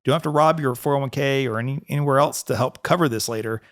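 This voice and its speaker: A man hosting a casual podcast as a financial advisor. He talks in a relaxed, conversational way, often laughs and restarts his sentences. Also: mid-range voice, quick pace.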